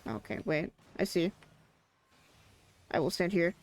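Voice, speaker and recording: A streamer giving casual, excitable commentary while playing, chattering along and repeating a favourite name again and again. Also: medium pitch, unhurried, gravelly.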